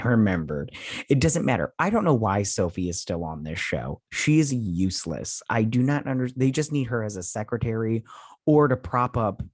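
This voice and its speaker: In a casual TV episode recap and review, the male host rambles with plenty of fillers and sounds exasperated. His voice is fairly low in pitch, captured with studio quality and no room sound.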